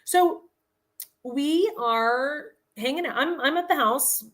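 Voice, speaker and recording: A woman guest on a podcast, telling a funny story in casual chat with lots of laughter and quick asides. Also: sits high, fairly bright tone.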